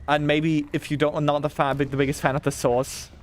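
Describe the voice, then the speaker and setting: A young man, chatting casually and ranting excitedly to his chat while streaming a game, swearing freely. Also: on the high side, a little fast, slight background noise.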